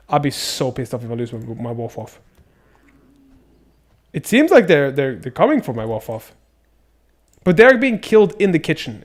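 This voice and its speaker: A man streaming a game live, chatting casually with viewers, excitable and swearing often. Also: a little high.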